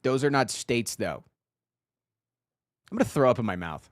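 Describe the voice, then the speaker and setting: A man's voice: mid-range voice, lively intonation, normal speed, dry recording, clean studio sound. A young man from Virginia chatting casually on a live stream, joking and swearing, slipping into mock-indignant rants.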